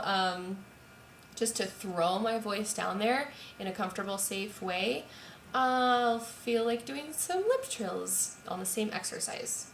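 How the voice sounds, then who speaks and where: A young woman voice teacher calmly explaining and demonstrating a vocal warm-up at home. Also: mid-range voice, slight background noise. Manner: calm, explanatory, sings scale demos. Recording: roomy echo, voice from a distance, piano. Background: piano.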